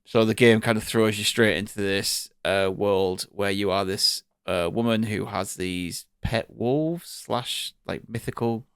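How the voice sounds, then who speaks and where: A low-pitched man talks through a game review in a relaxed, halting way, full of fillers. His voice is recorded close and dry, with no room sound around it. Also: creaky, clean tone, no echo. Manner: laid-back, hesitant with fillers. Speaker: podcast co-host. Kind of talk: casual review chat.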